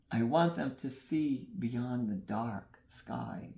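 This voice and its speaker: A man's voice: mid-range voice, gravelly, dark tone. Earnest dreamy man in a roomy gallery. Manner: earnest, dreamy, repeats phrases, laughs at himself. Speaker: artist guest. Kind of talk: reflective interview talk.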